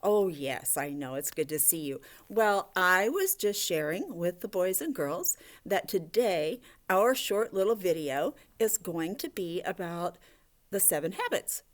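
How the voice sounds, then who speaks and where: Slow, animated woman teaching small children. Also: lowish voice. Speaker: elementary school teacher. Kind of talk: video lesson for young children with a puppet.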